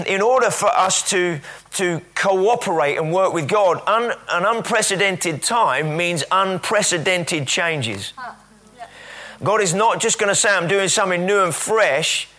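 A man's voice: a little high, bright, forceful tone. A man preaching a sermon as pastor, conversational and rambling, telling stories with plenty of fillers.

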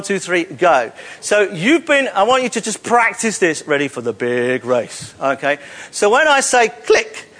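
This man's voice is high with a fairly bright tone. As the presenter guiding audience participation, he teases and jokes to draw volunteers up onto the hall stage in front of a live crowd.

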